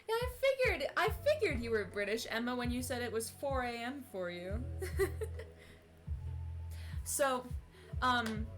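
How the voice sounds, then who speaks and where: A young woman chatting casually on a live stream before reading fan fiction, giggly and full of fillers and restarts, on a cheap streaming mic. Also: fairly high pitch. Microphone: cheap streaming mic on a laptop.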